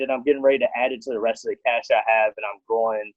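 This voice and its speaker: A man's voice: medium pitch, steady tone, fast, narrow, tinny audio, music in the background. A man hosting a casual conversation, telling a long story and acting out both sides of the dialogue. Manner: rambling storyteller, acts out dialogue. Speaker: podcast host.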